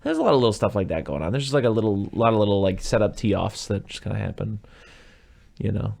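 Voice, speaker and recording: A man's voice: lowish voice, big pitch swings, fast, creaky, a little mellow. A man hosting a podcast in a casual movie-review chat, rambling and retelling scenes in goofy voices. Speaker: podcast host.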